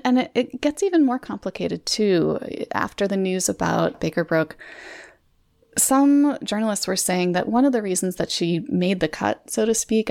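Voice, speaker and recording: A woman co-hosting a podcast, giving thoughtful, measured commentary in a conversational way. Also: on the low side, creaky, a little mellow. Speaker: podcast co-host.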